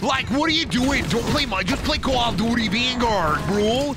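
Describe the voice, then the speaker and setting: Brief: streamer mocking a pushy young male bro gamer, loud and opinionated, lively swings in pitch. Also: moderate pace, loud music behind the voice. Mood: ranting. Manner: loud, ranting, scoffing.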